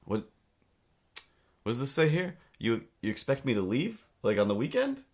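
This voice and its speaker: A man hosting a comedy podcast, ranting in an animated, exasperated way and slipping into little voices. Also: medium pitch, normal speed. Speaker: podcast host. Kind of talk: comedic monologue.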